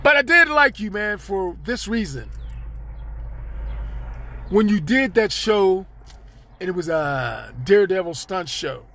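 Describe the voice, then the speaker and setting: A man's voice: sits high, very animated, slow pace, pauses often, pushed and bright. A man hosting his own podcast, rambling and joking in loose slang straight to his listeners. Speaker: podcast host. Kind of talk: casual solo monologue.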